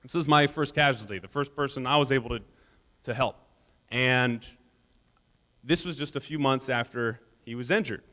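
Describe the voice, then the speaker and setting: A man's voice: medium pitch, moderate pace, pauses often, sharp tone. Man giving a keynote in a reverberant hall. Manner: humorous storytelling, laughs at his own jokes. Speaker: keynote speaker. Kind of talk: motivational keynote speech. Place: conference hall stage. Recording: long reverb of a large hall.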